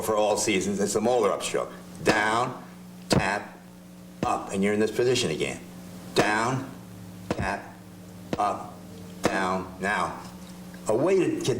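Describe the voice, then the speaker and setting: An older man teaching drum technique, talking in a chatty, halting way with restarts as he demonstrates. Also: on the low side, noisy background. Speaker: drum instructor. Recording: drums heard in the room. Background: drum strokes between phrases.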